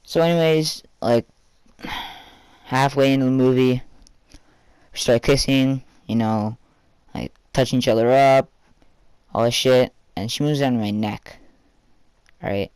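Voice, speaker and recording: A man's voice: mid-range voice, a little slow, long pauses, a little mellow, smooth, no room sound. A teenage boy telling a rambling personal story for a vlog, full of fillers and casual swearing.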